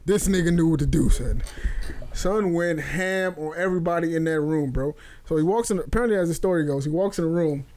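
A man's voice: fairly high pitch, fairly quick, a little mellow, slight background noise. A man hosting a podcast, telling a wild work story in casual, profane chat, laughing as he goes. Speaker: podcast host.

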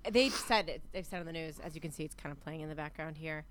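A woman's voice: sits low, fast, a bit bright. A woman in her thirties co-hosting a podcast, chatting playfully and rambling with giggles. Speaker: podcast co-host. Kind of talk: casual comedic chat.

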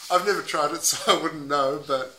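A man's voice: fairly high pitch, brisk, bright, forceful tone, roomy sound. A man co-hosting a podcast, chatting in jokey, mock-confident banter and swearing freely. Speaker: podcast co-host. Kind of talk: casual banter.

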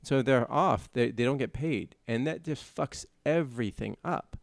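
A man in casual podcast chat, talking haltingly with frequent restarts. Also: mid-range voice, vocal fry, no echo, clean studio sound.

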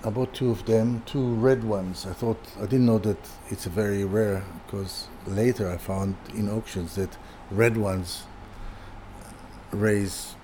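A lowish, mellow voice belongs to an older man recounting his early days as a designer. He talks in a halting way, repeating words and restarting sentences as he goes. A faint hiss sits behind him. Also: fairly even intonation. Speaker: guest, furniture designer. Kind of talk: casual anecdotal storytelling.

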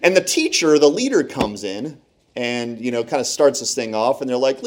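A man tells a funny personal story to a live crowd, chatty and self-deprecating. His mid-range voice swings widely in pitch as the tale builds. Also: moderate pace. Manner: animated, conversational, self-deprecating.

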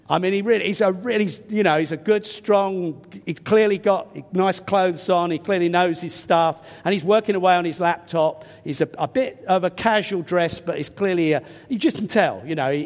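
An older English man with a slightly stuffy nose, preaching a sermon and telling a self-deprecating personal story in a chatty way. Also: high-pitched. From England. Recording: long reverb of a large hall.

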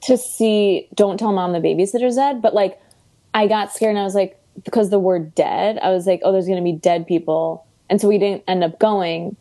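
A woman's voice: medium pitch, normal speed, warm tone. A young adult woman with a Chicago accent, chatting animatedly as a podcast guest and sprinkling in plenty of "like". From Chicago area, US. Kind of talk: casual chat.

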